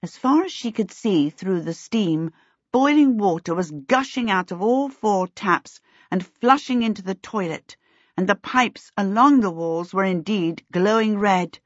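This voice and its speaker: Brief: woman audiobook narrator, measured and expressive, dry booth sound. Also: medium pitch, no echo. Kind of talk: scripted storybook narration. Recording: dry, slightly dull recording.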